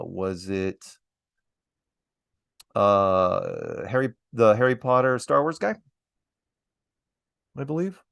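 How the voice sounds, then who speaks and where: A host on a casual livestream chat tells rambling stories, chuckling, restarting, swearing mildly, and drawling "man" and "right?" His voice is fairly low and creaky, recorded dry with clean studio sound.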